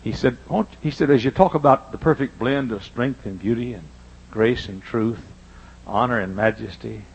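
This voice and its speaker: An older man preaching a sermon in church, telling personal stories and swinging between loud emphasis and hushed asides. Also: mid-range voice, normal speed, creaky, slightly rough, rough recording. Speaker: pastor. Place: church sanctuary.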